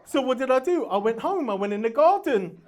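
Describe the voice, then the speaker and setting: Brash, animated stand-up comedian. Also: male voice, very high-pitched, a little fast. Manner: brash, animated storytelling with sound effects and voices. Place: comedy venue with live audience. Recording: crowd audible in the background. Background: audience laughter.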